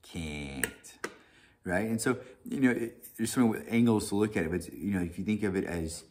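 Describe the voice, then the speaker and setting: Guy with a low voice teaching bible study, chatty, keeps restarting, says right a lot. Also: moderate pace. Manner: animated, many restarts and "right?", chuckles often. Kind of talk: casual Bible study talk with scripture reading.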